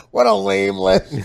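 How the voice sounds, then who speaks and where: A man's voice: high-pitched, gravelly, slight background noise. A man hosting a comedy podcast, roasting his guest with sarcastic, profane banter into a studio mic. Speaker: podcast host.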